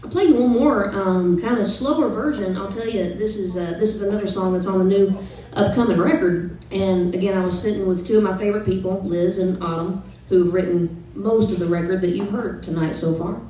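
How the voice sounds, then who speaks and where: A woman singer-songwriter chatting with the audience between songs, telling a story in a relaxed, rambling way with plenty of fillers. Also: medium pitch, fairly quick, slight background noise. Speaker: singer-songwriter performing live. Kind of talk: casual stage banter between songs. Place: live music club stage. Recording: very echoey live room from a distant mic.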